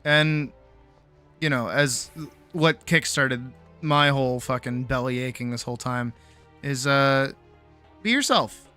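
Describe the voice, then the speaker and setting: Male streamer, late-night casual chat, worn out with a sore jaw, bright forceful tone, loose and sweary, soft music under the desk mic. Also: medium pitch, slow pace, pauses often, clean tone. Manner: rambling, swears freely, self-mocking. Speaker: streamer and animator. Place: home streaming setup.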